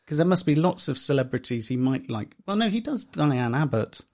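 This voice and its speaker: A man's voice: on the high side, sing-song, a little fast, darkish tone. A man co-hosting a podcast, musing aloud and asking questions in casual chat. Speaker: podcast co-host.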